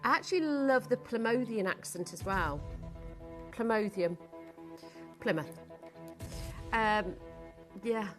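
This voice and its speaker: A woman's voice: on the high side, expressive, unhurried, pauses often, a bit bright, soft background music. Chatty woman selling jewellery. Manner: chatty, giggly, enthusiastic. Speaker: shopping channel presenter.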